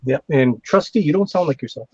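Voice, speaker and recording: A man's voice: a little high, expressive, brisk, slightly rough, no echo. A man co-hosting a stream, teasing and bantering with his friends. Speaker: regular co-host. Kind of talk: casual live-stream chat. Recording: dull muffled mic.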